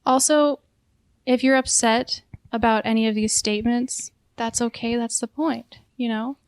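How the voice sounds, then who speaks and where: A woman's voice: fairly high pitch, steady tone, moderate pace, clean tone, no echo. A woman co-hosting a podcast trivia game, explaining the rules in upbeat, laughing banter. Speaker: podcast co-host running the quiz. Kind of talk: casual game-show banter.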